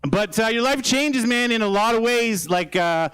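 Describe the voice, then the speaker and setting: High-voiced swearing Canadian comedian. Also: male voice, lively intonation, normal speed, a bit bright, clear, resonant tone, rough recording. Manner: swearing, rambling with fillers. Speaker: stand-up comedian. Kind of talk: stand-up set. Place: theater stage.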